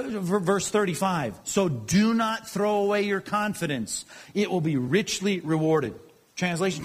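Animated high-voiced man preaching. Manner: animated, asks the congregation many questions. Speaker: pastor. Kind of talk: sermon.

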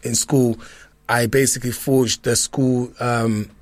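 Measured and level, this London man's medium-pitched voice comes through with no room sound. As a guest, he shares playful stories in a casual chat full of restarts.

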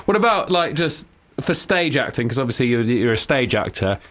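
Teasing radio host. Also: male voice, medium pitch, very animated, normal speed, a bit bright. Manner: teasing, laughing. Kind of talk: casual radio banter.

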